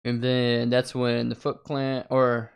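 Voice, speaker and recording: A young man co-hosting a casual chat, recapping scenes in a relaxed way with laughs and questions. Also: medium pitch, slow pace, creaky, clear, resonant tone. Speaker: co-host.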